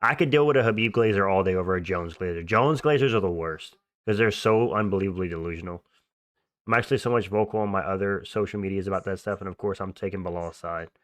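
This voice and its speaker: Young dude streaming, low voice, slangy and offhand, reads chat, dry sound. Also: male voice, quick pace, a bit bright, no echo. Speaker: livestream host. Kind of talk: casual livestream chat, reading viewer comments.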